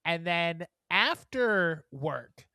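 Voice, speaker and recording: A man's voice: fairly high pitch, animated, very slow, sharp tone, smooth, no room sound, clean studio sound. A tired man co-hosting a podcast, chatting in a rambling, giggly way with lots of fillers. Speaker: podcast co-host. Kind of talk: casual chat.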